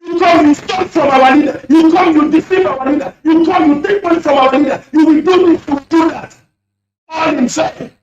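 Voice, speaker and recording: A man's voice: extremely high pitch, brisk, a little hiss or hum. A man calling in to a radio show, speaking fiercely and accusingly with lots of repetition. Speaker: caller. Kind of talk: impassioned radio call-in speech. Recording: echoey distant lo-fi phone line.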